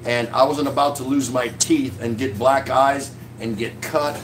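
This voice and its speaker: A man's voice: mid-range voice, steady tone, measured pace, a little hiss or hum. Joking older man chatting on a live stream. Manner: jokey, reads viewer comments aloud, chuckles often. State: drinking beer while talking. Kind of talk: casual live-stream chat. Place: at home on a couch.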